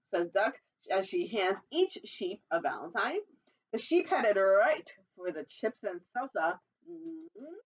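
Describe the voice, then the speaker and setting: A woman with a husky voice reads a picture book at storytime as a children's librarian, heard through a muffled recording. She breaks off for playful, chatty asides to young listeners and squeaky animal calls.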